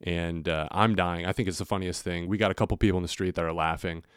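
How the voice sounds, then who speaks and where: Low-voiced man telling a funny story. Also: quick pace, smooth, no echo, clean studio sound. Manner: laughing, animated storytelling with profanity. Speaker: podcast host. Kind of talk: casual storytelling monologue.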